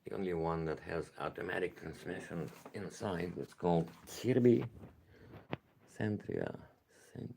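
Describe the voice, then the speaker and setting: Very deep gravelly Ukrainian-accented man. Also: unhurried, mellow, a little hiss or hum. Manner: rambling, wandering from thing to thing. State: tired. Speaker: vlogger. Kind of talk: casual monologue to camera.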